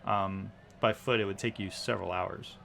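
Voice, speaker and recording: A man narrating a tabletop game as game master, halting often with ums and restarts. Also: fairly low pitch, fairly even intonation, gravelly, a bit bright, a little hiss or hum.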